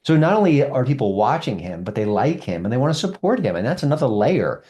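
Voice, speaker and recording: Mellow middle-aged man, easygoing critic. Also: mid-range voice, sing-song, fast talker. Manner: easygoing and rambling, many fillers and restarts. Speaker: entertainment critic. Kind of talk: casual interview chat.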